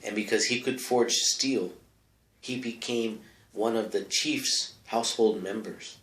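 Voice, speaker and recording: Man, comic advice host, low voice, rambling asides, close mic, bare echoey room. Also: steady tone, measured pace, a bit bright. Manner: rambling and offhand, full of asides and mic checks. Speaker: comedic advice-column host. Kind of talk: rambling comedic monologue. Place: small home studio with no insulation. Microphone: close microphone.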